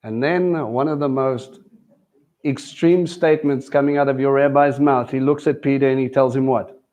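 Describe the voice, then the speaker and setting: A man's voice: medium pitch, fairly even intonation, normal speed, darkish tone, poor audio. A man teaching a live sermon in a conversational way, often asking his listeners questions. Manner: conversational preaching with questions to the crowd. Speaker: teacher at a Messianic congregation.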